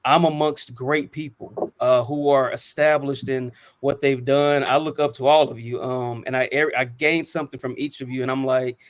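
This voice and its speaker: A man's voice: mid-range voice, steady tone, normal speed, few pauses. A man in his thirties telling personal stories on a panel talk show, earnest and reflective, with frequent ums and restarts. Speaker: co-host.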